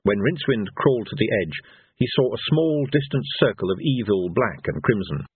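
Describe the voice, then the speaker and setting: Man, storybook narration, expressive, lively pitch, husky, phone-like audio. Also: normal speed, no echo. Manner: expressive, animated. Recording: tinny phone-like dry sound.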